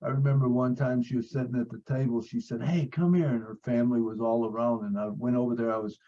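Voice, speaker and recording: A man's voice: mid-range voice, flat delivery, fast talker, warm tone, muffled recording. A man sharing a personal story on a video call, earnest, repeating phrases, with many fillers. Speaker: support group member.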